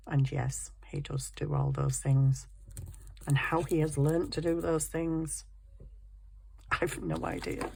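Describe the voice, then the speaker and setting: A woman's voice: sits low, monotone, takes it slowly, gravelly, long pauses, warm tone, husky. A woman chatting casually and rambling cheerfully about her craft project at her home desk. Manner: rambling, self-deprecating, chatty. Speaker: craft vlogger.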